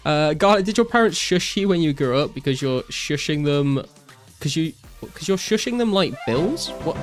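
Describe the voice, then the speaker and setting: A young British man streaming a game, chatting loosely, gushing thanks to his viewers and dropping swear words constantly. His voice sits a bit high for a man, with faint music playing under him. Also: moderate pace. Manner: excitable, swears a lot, thanks donors profusely. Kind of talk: casual live-stream chat.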